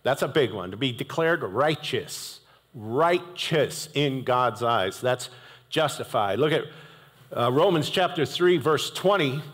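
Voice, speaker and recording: A male pastor preaching a sermon in an animated, conversational way, with jokey asides. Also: fairly high pitch, a little slow. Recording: echoey hall reverb.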